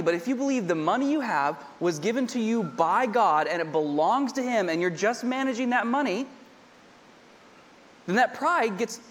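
A man with a high, light voice preaches to a congregation and keeps it chatty, circling back to drive each point home and tossing in jokes as he goes. His words ring out with a long reverb tail from a big church hall. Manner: conversational, repeats points, humorous asides. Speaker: pastor. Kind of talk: sermon.

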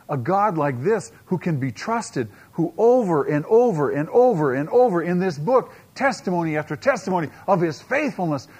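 Emphatic man preaching with dramatic pauses. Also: sits high, husky. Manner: emphatic preacher, rhetorical questions, dramatic slow-downs and quiet asides. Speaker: pastor. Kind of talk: sermon.

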